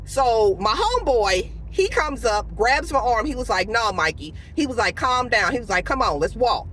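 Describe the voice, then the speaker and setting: A woman tells a heated story from her car, her voice high and bright and swinging all over. She acts out each exchange with dramatic emphasis. Faint road and cabin noise hums behind her. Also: moderate pace, rough recording. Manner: animated storytelling, acts out quotes. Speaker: vlogger. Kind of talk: casual storytime vlog.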